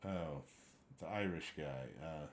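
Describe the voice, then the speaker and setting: A man's voice: very deep voice, takes it slowly. A man chatting casually on a game livestream, rambling, searching for names and getting worked up at times. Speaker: livestream gamer chatting with viewers. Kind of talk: casual chat.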